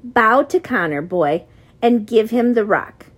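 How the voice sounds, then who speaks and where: A woman's voice: a little high, expressive, a little slow, breathy edge. A woman reading a stern, scolding jailer man. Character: gruff grown man, stern jailer, harsh but grudging.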